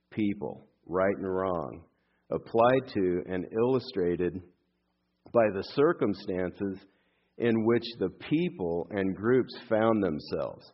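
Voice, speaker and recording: A man's voice: fairly low pitch, muffled recording. An older man, a pastor, giving a conversational sermon with frequent fillers and friendly asides.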